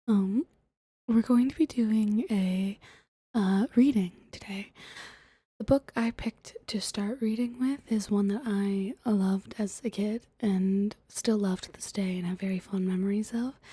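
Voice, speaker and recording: A young woman streaming, reading a book aloud in a soft, hesitant, whispered ASMR style. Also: mid-range voice, breathy edge, no room sound.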